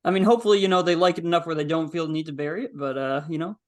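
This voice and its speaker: Male podcast host, higher voice, upbeat, casual. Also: steady tone, very fast. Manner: upbeat, encouraging. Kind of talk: casual interview chat.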